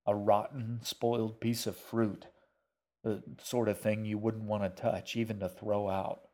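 A man's voice: fairly low pitch, little pitch movement, a little slow, dark tone, lightly acted. A man voicing a shaggy, wry man who talks in matter-of-fact grunts. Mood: disdainful. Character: shaggy, wry older man, gruff but kindly.

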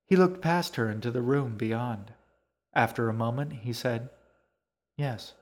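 A man narrating an audiobook in a calm, measured storytelling voice. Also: mid-range voice.

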